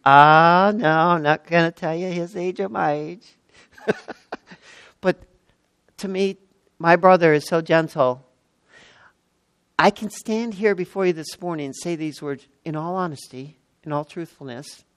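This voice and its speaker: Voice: mid-range voice, a little slow, pauses often, fairly bright tone, smooth, no room sound. Emphatic preacher in their sixties. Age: 60s. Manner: emphatic, repeats key words, exclaims. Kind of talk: sermon.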